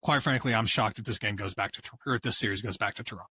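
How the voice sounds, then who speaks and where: A man's voice: lowish voice, fast talker, sharp tone, slightly rough, dry recording. A man co-hosting a casual sports podcast, talking animatedly and laughing easily. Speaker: podcast co-host.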